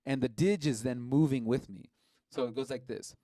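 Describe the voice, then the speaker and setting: A man teaching a live-streamed didgeridoo lesson, relaxed and encouraging, often checking in with his listeners. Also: mid-range voice, moderate pace.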